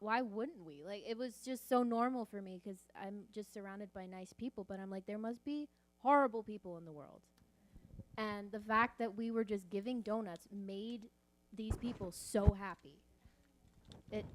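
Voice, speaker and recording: A young woman sharing a short testimony at a church meeting, speaking hesitantly with halting restarts. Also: medium pitch, a little hiss or hum. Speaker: college student sharing testimony.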